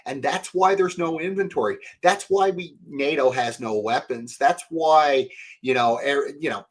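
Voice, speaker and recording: A man's voice: on the high side, a little slow. A man co-hosting a casual political podcast, explaining with wry sarcasm. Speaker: podcast co-host.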